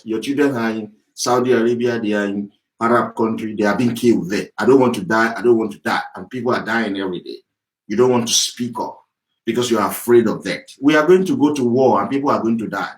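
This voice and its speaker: A man's voice: fairly low pitch, low-quality recording. A man giving an impassioned political address as an activist, heated, profane and repetitive. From Yorubaland, southwest Nigeria.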